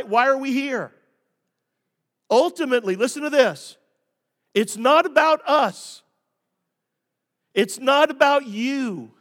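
A male pastor with a very high voice preaches to his congregation in a church sanctuary. He talks in a conversational way, keeps asking rhetorical questions and sometimes bursts into emphatic shouts. A long reverb from the large hall trails after his words. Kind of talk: sermon. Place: church sanctuary, also streamed online.

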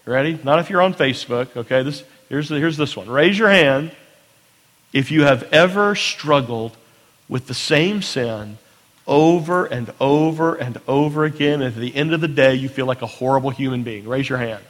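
A man's voice: medium pitch, moderate pace. A pastor preaching a sermon in an earnest way, often repeating words as he starts a phrase. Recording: long hall reverb.

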